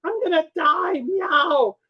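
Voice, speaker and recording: A man's voice: extremely high pitch, slow, dull audio, voice pushed up. A man voicing a panicked pet cat, wailing desperate meows and pleas in the rain.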